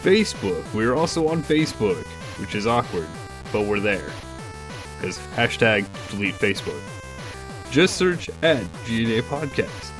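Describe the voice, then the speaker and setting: A man's voice: on the low side, sing-song, a little slow, music in the background. A man co-hosting a podcast, joking loosely and then reading off the show's outro plugs. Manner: loose, joking, then reads a plug list. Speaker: podcast co-host. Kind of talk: casual chat and outro.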